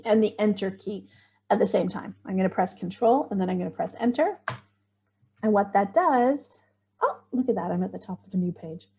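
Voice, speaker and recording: A woman's voice: mid-range voice, warm tone. A middle-aged woman teaching a screen-share tutorial, chatty and thinking aloud as she works. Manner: chatty, thinking aloud, little surprised exclamations. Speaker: writing workshop instructor.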